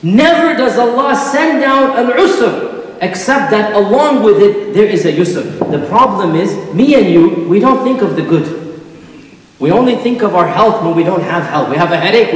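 A man's voice: high-pitched, big pitch swings, normal speed. Guy preaching a sermon, repeats his points hard, long reverb like a big hall. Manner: emphatic, repeats key phrases, recites Arabic verses. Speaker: imam giving a Friday sermon. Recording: echoey mosque hall.

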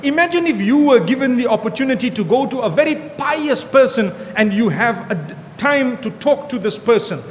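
A man preaching a sermon to a gathering of young people, animated and repeating key phrases for emphasis. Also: very high voice, a little fast, hardly any pauses, long reverb tail, a little hiss or hum. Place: hall with an audience.

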